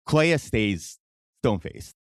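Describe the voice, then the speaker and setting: A man with a New York accent co-hosting a podcast, telling stories in an animated way with many restarts. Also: mid-range voice, slow pace, no room sound, studio quality. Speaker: podcast co-host. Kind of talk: casual chat.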